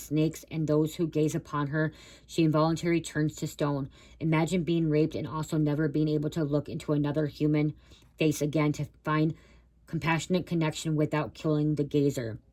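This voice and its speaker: Low, flat-voiced woman reading aloud haltingly. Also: low-quality recording. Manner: reads haltingly, stumbling over words and breaking off to talk to viewers. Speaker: tarot reader. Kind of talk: live stream reading from an oracle card guidebook.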